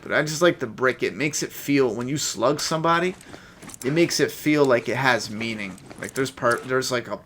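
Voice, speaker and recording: A man's voice: mid-range voice, moderate pace, fairly bright tone, a little hiss or hum. A man with a stuffed-up nose giving chatty, profane, laid-back commentary while playing a game. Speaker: gameplay streamer. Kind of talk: casual gameplay commentary.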